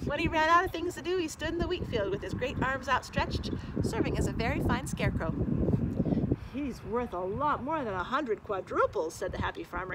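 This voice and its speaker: A woman reading a children's picture book aloud at a library storytime, in an expressive, sing-song way. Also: high-pitched. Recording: loud background noise.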